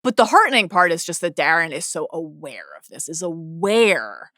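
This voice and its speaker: A woman co-hosting a podcast in casual chat, eager, agreeing readily and quick to laugh. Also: low-pitched, sing-song, sharp tone, no echo, studio quality. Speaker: podcast co-host.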